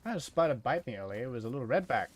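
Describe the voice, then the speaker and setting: A man's voice: mid-range voice, animated, rapid-fire. A man with an Australian accent, chatting casually and rambling while he streams a game. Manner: rambling, chatty, easily amused; uses Aussie slang. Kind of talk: casual chat while gaming.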